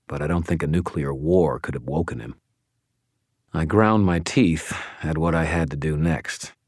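A man narrating a first-person audiobook in an extremely deep voice. His delivery is measured and dry. The sound is close and completely dry. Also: darkish tone, no echo.

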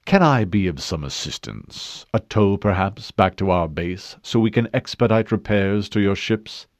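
A man's voice: low-pitched, animated, measured pace, no room sound. A man voicing a sly, overly polite male governor with a rich, resonant voice heard over ship speakers. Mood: silky. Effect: transmitted over ship speakers.

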